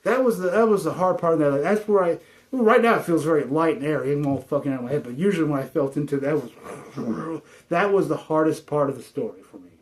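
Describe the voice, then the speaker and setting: A man's voice: a little high, quick pace. A man giving a frustrated, rambling spiritual monologue full of swearing.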